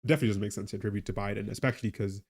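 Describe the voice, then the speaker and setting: A man's voice: fairly low pitch, fairly even intonation, racing, darkish tone, slightly rough. A tired man with a weak Geordie accent, chatting casually on a live stream, rambling and laughing about the economy. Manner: laughing, rambling, talks to chat and a pet.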